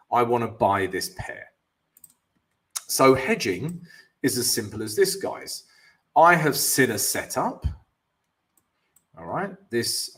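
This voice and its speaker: Slow-talking man coaching a trading stream. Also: mid-range voice. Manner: explanatory, peppered with "yeah" and "guys", reading out viewer names. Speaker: forex trading coach hosting a live stream. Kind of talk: live trading chart analysis and Q&A.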